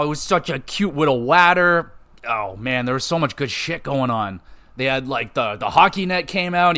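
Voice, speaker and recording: Male podcast host, bright and forceful, on the higher side, excitable and profane, casual fan recap.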